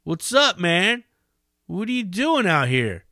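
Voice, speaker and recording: A man putting on a jeering, high-voiced taunter. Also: big pitch swings, takes it slowly, no room sound, studio quality, full character voice. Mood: mocking. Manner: mocking, loud, insulting. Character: jeering young man taunting a former classmate.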